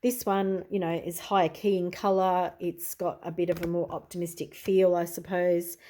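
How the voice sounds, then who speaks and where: A woman's voice: on the low side, flat delivery, moderate pace, warm tone. A middle-aged Australian woman, a tarot reader, chatting easily in a show-and-tell video, often adding "you know" and "I suppose.".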